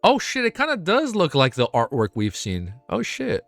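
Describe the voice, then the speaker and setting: A man reacting live on stream, excitable and emotional, cursing often as he talks to chat. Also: fairly high pitch, moderate pace, creaky, no room sound, faint music behind. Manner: excitable, swears a lot, emotional. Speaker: streamer reacting to web novel fan art.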